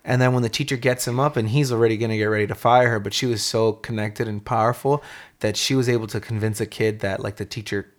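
A man co-hosting a podcast, telling a childhood story in casual chat, animated and swearing freely. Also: on the low side, fast talker. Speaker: podcast co-host.

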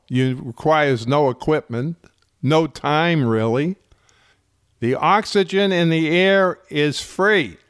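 A man who runs a fitness channel, explaining health topics in slow, deliberate, emphatic phrasing. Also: a little high, smooth, no room sound, studio quality. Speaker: fitness instructor. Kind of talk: slow explanatory talk to camera.

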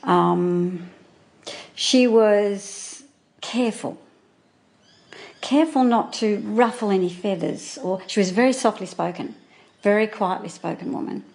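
A woman being interviewed, recalling events from years ago in halting, earnest speech that often restarts mid-sentence. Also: mid-range voice, darkish tone. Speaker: interviewee, former neighbour and friend. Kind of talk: recounting memories in an interview.

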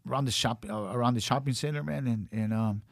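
A man's voice: medium pitch, fast talker, gravelly, no room sound. A middle-aged man in casual chat, blunt and profane, rambling through stories. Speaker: podcast guest, cutman.

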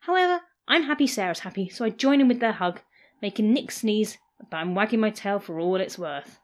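A woman narrating a first-person story in a playful, animated way. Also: medium pitch, a little fast.

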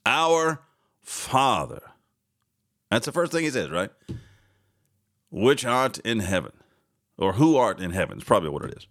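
A man's voice: medium pitch, animated, moderate pace, fairly bright tone. A man hosting a morning talk radio show, reading news aloud with sarcastic, chatty asides and frequent laughs. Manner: reads news items aloud with running commentary. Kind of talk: casual talk radio commentary.

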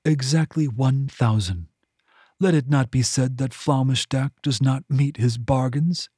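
A man's voice: mid-range voice, measured pace, mellow, slightly rough, no echo, studio quality. A man reading an audiobook, voicing a sly, mocking clawed male demon who strikes bargains.

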